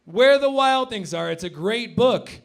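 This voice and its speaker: High-voiced man doing mock-serious stand-up. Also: lively intonation, measured pace, gravelly. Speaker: stand-up comedian. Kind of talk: stand-up comedy. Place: comedy club stage.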